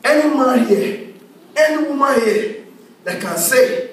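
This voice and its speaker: A male pastor preaching a sermon, rising into shouted declarations and call-and-response. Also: extremely high pitch, expressive, slow, long pauses. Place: church hall. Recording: echoey hall, mic far off, faint noise.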